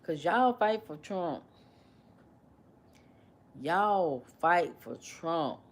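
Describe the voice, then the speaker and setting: A woman hosting a casual livestream, animated and repetitive as she questions and mimics her commenters. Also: fairly low pitch, extremely slow. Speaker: livestream host.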